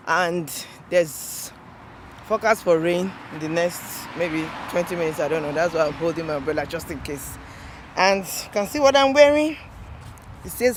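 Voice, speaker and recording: A woman talking earnestly to camera while walking outdoors, repeating herself and filling pauses with "you know". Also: on the low side, a little hiss or hum. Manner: earnest, repetitive, many "you know" fillers. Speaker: vlogger on a walking challenge. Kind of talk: reflective walking vlog talk. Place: outdoors, walking near a road.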